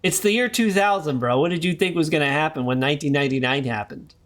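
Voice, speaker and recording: Young male game streamer, slightly high voice with lively pitch swings, jokey and rambling, reads on-screen text aloud. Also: quick pace, hardly any pauses. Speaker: streamer playing a horror game. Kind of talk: live gameplay commentary.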